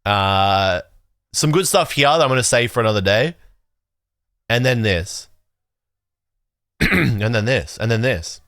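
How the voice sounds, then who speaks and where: A man runs his livestream in a loose, rambling chat, getting excitable and swearing freely. His pitch swings widely from line to line. The sound is dry and close, with no room around it. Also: unhurried, pauses often, no echo. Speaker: livestream host. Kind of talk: casual chat reacting to chat.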